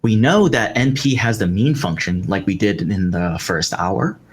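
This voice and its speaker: A man's voice: on the low side, a little slow, a little hiss or hum. A man teaching a live coding tutorial, explaining step by step with fillers like "um" and "right" as he works. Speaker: instructor. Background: keyboard typing.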